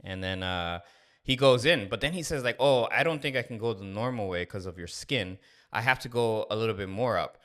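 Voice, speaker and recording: Speaking briskly in a voice on the low side, a man in his thirties shares a frank personal story as a podcast co-host. He's animated and acts out each bit of dialogue in this casual storytelling.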